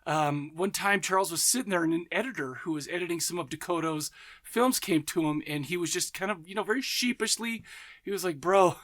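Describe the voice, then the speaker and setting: High-voiced enthusiastic rambling man. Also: brisk, a bit bright. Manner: enthusiastic, rambling, self-interrupting; laughs and acts out voices in anecdotes. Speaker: podcast host. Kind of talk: casual monologue.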